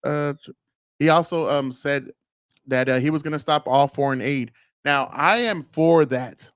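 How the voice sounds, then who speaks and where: A man's voice: a little high, unhurried, clean tone, no room sound, studio quality. Blunt, profane man ranting. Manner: blunt, profane, rambling with many fillers. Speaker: host. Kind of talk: casual political commentary.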